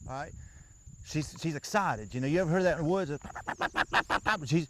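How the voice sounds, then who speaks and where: Folksy man teaching outdoors over loud crickets. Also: a little high, lively intonation, normal speed, pauses often, very noisy. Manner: folksy, patient, repeats himself. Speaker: turkey calling instructor. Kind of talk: casual hands-on lesson.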